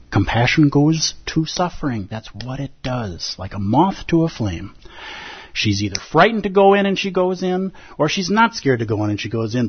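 Husky man giving a dharma talk. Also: medium pitch. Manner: conversational, asks the audience rhetorical questions. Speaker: Buddhist teacher. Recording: dull lo-fi recording.

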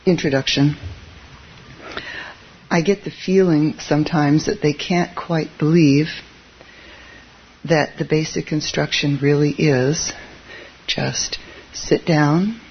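A Zen teacher giving a relaxed, conversational dharma talk, chuckling at their own asides. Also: mid-range voice, slow, pauses often, husky, muffled recording.

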